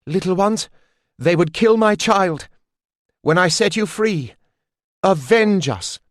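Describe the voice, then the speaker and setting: A man voicing a fierce young mother beekeeper who makes slow, low, menacing threats in an audiobook. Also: expressive, dry recording, clean studio sound.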